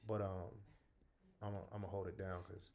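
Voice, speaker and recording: A middle-aged man from the American South, hosting a casual livestream. He greets viewers one by one by name with upbeat energy, then drops to a soft, earnest tone. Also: low-pitched, level tone, moderate pace. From North Charleston, South Carolina. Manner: soft and earnest when speaking from the heart. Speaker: livestream host.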